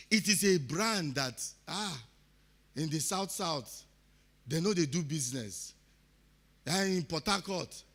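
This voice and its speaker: Impassioned Nigerian man, bright voice. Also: medium pitch. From Nigeria, Delta State. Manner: rousing, swings from quiet to loud, repeats phrases. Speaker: summit speaker. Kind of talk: impassioned public speech. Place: conference hall.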